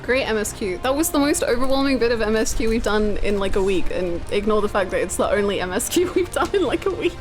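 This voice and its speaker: A woman streaming a video game live, talking in an excitable, chatty way. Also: fairly high pitch, quick pace, few pauses, faint music behind. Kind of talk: live gameplay commentary.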